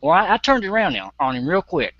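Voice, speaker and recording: A man telling a story in a profane, animated way, acting out both sides as he goes. His voice is a bit high for a man. The sound is dry and dull, like a lo-fi recording. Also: fast talker, dry recording. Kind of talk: casual storytelling.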